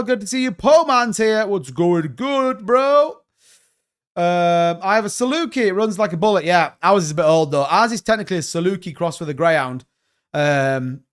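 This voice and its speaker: A man with a high, smooth, clear voice hosts a relaxed crypto livestream. He talks loosely about the markets, greets viewers by name and calls them mate. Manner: chatty, reads out viewer comments, calls people mate. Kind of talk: casual livestream market commentary.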